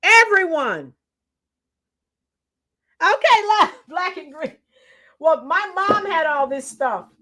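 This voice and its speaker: Teacher lady chatting on her live stream, slow easy pace, voice worn out, keeps singing bits of old songs. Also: very high voice, expressive, bright, forceful tone. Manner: chatty, bursts into singing song lines. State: tired, strained voice. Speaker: livestream host. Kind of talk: casual live chat reading comments.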